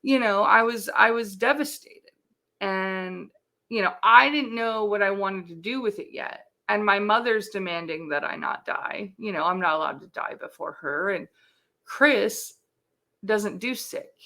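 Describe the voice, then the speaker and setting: A woman in her forties speaks bluntly over a video call, swearing freely and slipping into the voices of the people in her story. Her voice is bright and edged with gravelly fry. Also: medium pitch, a little slow. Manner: candid, swears freely, acts out quoted dialogue. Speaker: interview guest.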